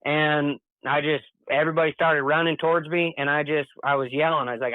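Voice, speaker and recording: A man tells a story as an interview guest, earnest and plain-spoken, his voice sitting a bit high. The sound is thin and phone-like, and very dry with no room around it. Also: steady tone, fairly quick, few pauses, dry recording. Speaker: podcast guest.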